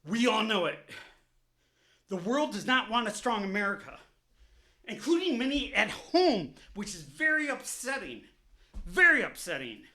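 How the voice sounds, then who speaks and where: A man's voice: high-pitched, sing-song, measured pace, pushed and bright. A man delivering an angry, profanity-laced political rant on his vlog, heated and repetitive, openly furious. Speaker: vlogger.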